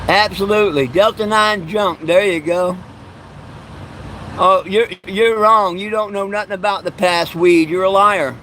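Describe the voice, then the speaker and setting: A man's voice: sits high, steady tone, unhurried, bright, forceful tone, slight background noise. A middle-aged man hosting a live stream, reading chat comments aloud and trading insults with trolls. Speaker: livestream host.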